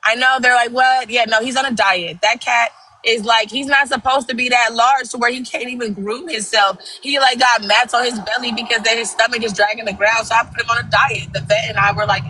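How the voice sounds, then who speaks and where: A young woman hosting a live stream, telling animated, profane stories in casual chat and acting out the quotes. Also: fairly high pitch, a little fast, background noise. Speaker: TikTok live host.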